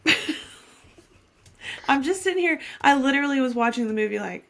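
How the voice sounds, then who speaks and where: Gravelly-voiced woman with a Southern accent. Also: sits high, expressive, a little fast, fairly bright tone. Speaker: podcast co-host. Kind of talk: casual chat.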